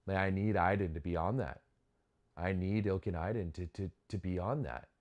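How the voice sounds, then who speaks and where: Young man, very deep voice, casual live commentary, sudden excited exclamations, restarts phrases. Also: normal speed, highs cut off. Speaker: watch-along host.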